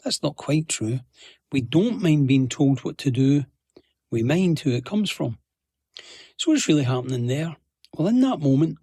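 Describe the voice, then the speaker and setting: Male podcast host, husky tone, dry close sound, reflective monologue. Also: fairly high pitch, no room sound. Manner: reflective, measured, explanatory.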